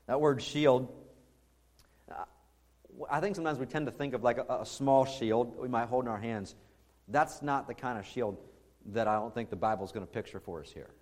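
A male pastor preaching a conversational sermon that builds to loud, emphatic peaks. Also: mid-range voice, normal speed.

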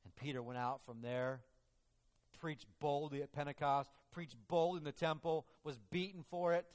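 A male preacher tells his sermon with dramatic, emphatic delivery. His voice sits a little high and he often restarts phrases. Long reverb from a large hall or church rings around him. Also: fairly even intonation, moderate pace, darkish tone.

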